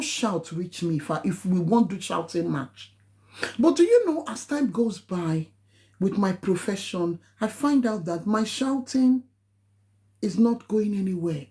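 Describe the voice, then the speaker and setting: A woman's voice: lively intonation, measured pace, mellow. A woman with a Nigerian accent, a nurse giving an impassioned live-stream talk in an emphatic, preachy manner. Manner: emphatic, preachy, rising to high exclamations.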